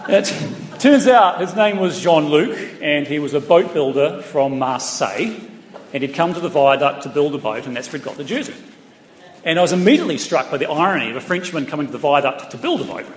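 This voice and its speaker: Animated and brisk, a middle-aged New Zealand comedian with a somewhat high voice tells stories in a chatty set, playfully addressing the crowd. He performs on a large town hall stage into a PA-fed stage mic, recorded at a distance so the hall sounds echoey. The background is noisy, with audience laughter.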